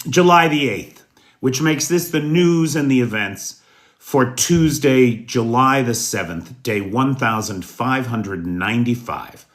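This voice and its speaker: An American man hosting a casual livestream news show, greeting viewers by name in a folksy, unhurried way. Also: medium pitch, a bit bright. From United States. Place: indoors at night.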